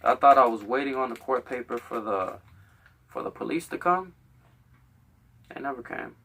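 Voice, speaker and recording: A man's voice: medium pitch, animated, moderate pace, pushed and bright, recorded from a distance. A young man hosting a show, telling a heated, profane story full of acted-out quotes. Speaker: podcast host.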